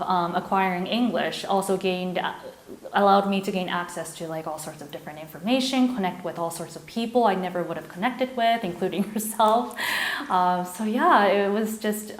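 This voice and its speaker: A woman in her thirties from Japan with an American accent, a guest telling her life story in a relaxed, reflective way in a casual interview. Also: fairly low pitch. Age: 30s. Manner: reflective, storytelling, loose with fillers. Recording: roomy echoey room.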